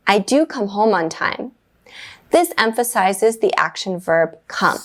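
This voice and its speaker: A woman teaching an English grammar lesson, explaining in a clear, measured way and giving short upbeat praise after each exercise. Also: medium pitch.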